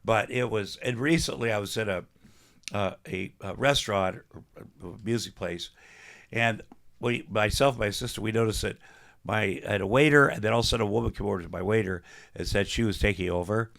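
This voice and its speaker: Older male guest, low gravelly voice with a bright edge, rambling comic storyteller. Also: brisk. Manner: rambling anecdotes, self-deprecating jokes, salty language. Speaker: podcast guest. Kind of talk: casual comedic storytelling.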